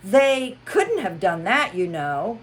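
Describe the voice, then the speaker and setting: A woman's voice: mid-range voice, big pitch swings, slow, slight background noise, voice pushed up. A woman voicing a polite, curious young girl in a storybook reading, with earnest questions.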